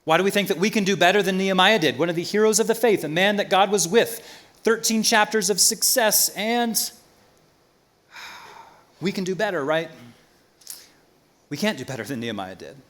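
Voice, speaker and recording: A man preaching a sermon as pastor in a church, swinging from loud emphasis to quiet asides. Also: high voice, animated, normal speed, pauses often.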